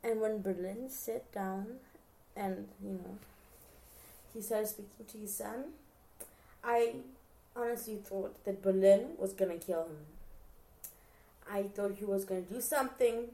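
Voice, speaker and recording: A woman talking casually as a podcast host, chatty and expressive, often addressing her listeners directly. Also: medium pitch, unhurried, long pauses. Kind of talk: casual show recap chat.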